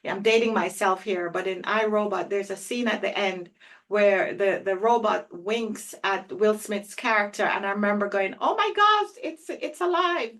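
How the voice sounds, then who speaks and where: A woman's voice: mid-range voice, steady tone, moderate pace. A woman hosting an interview, upbeat and enthusiastic as she asks questions and sums up. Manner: upbeat, enthusiastic, wrapping up with optimism. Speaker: interview host. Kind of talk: hosted interview conversation.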